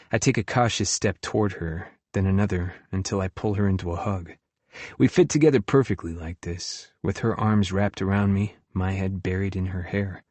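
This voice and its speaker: Man, audiobook narrator, fairly low voice, dry close sound, reflective first-person reading. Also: normal speed, darkish tone, slightly rough, no room sound.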